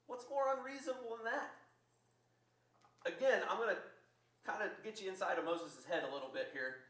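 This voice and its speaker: A man preaching a sermon as pastor, telling the story in a lively way and acting out the quotes. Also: sits high, moderate pace, pauses often. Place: church. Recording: echoey church from far off.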